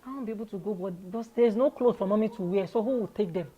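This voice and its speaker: A Nigerian woman speaks as an interview guest, laughing easily through a frank personal story. Her voice sits at an ordinary middle pitch for a woman. The audio is a little dull and lo-fi. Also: quick pace, husky. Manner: lively, candid storyteller who laughs often.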